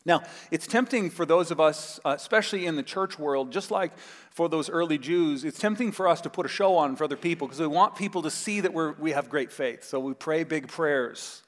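A man in his thirties, a pastor preaching a sermon with animated storytelling, acting out quotes in a raised voice. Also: a little high, a little fast. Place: church sanctuary. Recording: long hall reverb.

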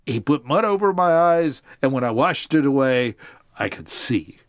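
A man's voice: medium pitch, lively intonation, normal speed, dry recording, close to an everyday voice. A man voicing a plain-spoken, stubborn man who was once blind, giving insistent testimony in a dry-sounding recording.

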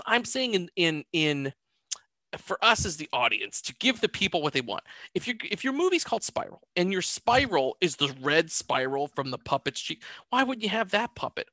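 A man hosting a casual film review podcast, animated and joking, quick to laugh. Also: high voice, dry recording. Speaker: podcast host.

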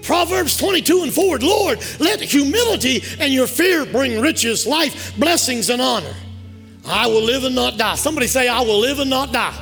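A man with a very high voice preaches a fervent sermon, swelling into shouts as he calls for responses from the congregation. Soft music hums in the background of the church. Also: expressive, normal speed, vocal fry. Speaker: pastor. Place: church sanctuary.

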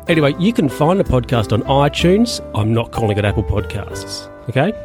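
A man's voice: medium pitch, sing-song, fairly quick. A man casually plugging a podcast with offhand jokes. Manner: joking, offhand. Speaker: podcast promo speaker. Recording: music bed under the voice.

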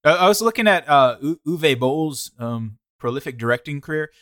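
A man chatting casually as a podcast co-host, relaxed, with dry humor. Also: a little high, moderate pace, no room sound. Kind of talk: casual chat.

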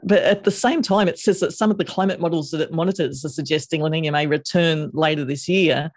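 Woman deputy editor reading the news on a podcast, brisk, a bit halting, dry close sound. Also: low-pitched, no echo.

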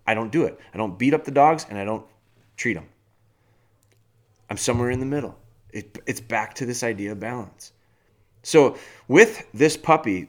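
Man, podcast host, lower voice, blunt, firm, animated casual rant. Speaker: podcast host and dog trainer. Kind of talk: casual ranting monologue.

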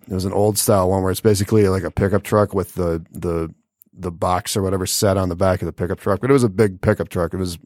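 A man with a low, deep voice hosts a casual solo podcast. He rambles loosely, swears now and then and leans on plenty of "uh" and "like." His voice sounds close and dry, with no room around it. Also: no room sound. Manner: rambling, profane, lots of filler words. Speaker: podcast host.

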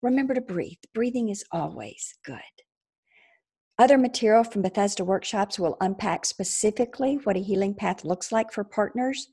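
A woman counselor talks in a gentle, reassuring way on a recovery podcast. Her voice is mellow and slightly breathy. She often repeats or restarts words as she speaks. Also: mid-range voice, animated, normal speed.

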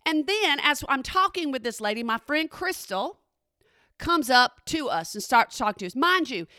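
A middle-aged woman telling a story in a chatty, animated way and often checking in with her listeners. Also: high voice, moderate pace, no room sound, studio quality. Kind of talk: casual spoken storytelling.

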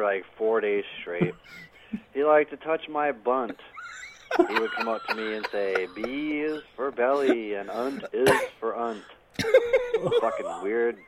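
A man's voice: medium pitch, highs cut off, noisy background, close to an everyday voice. A man doing a drunk, foul-mouthed movie star. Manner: rambling, profane, mocking. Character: drunk, crude male movie star ranting. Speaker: caller.

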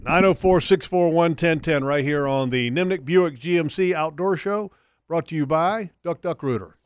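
A man's voice: fairly high pitch, normal speed, clear, resonant tone, dry recording, studio quality. A man hosting a radio show, chatting with opinions and reading the station break. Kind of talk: casual radio banter.

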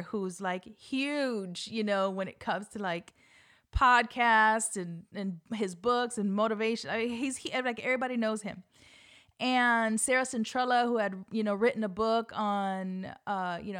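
Woman spilling a story to the crowd, lively and cussing, lots of laughs. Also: medium pitch. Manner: animated and profane, laughs often, acts out quotes. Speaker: speaker telling her personal story. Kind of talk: casual storytelling to an audience.

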